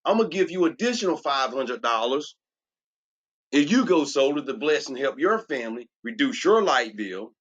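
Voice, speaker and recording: A man's voice: mid-range voice, very animated, normal speed, a bit bright, slightly rough, highs cut off. A man who works as a transformational coach, giving an emphatic, preachy sales presentation. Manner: preachy, emphatic, repeats "watch this".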